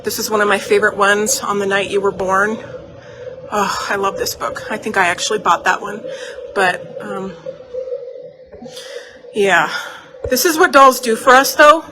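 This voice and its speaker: A woman's voice: mid-range voice, a little slow, long pauses. A woman vlogger in her doll shop, chatting heartfelt and rambling, often repeating herself. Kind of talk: casual chat to camera. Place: indoor doll shop room. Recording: steady motor hum behind voice.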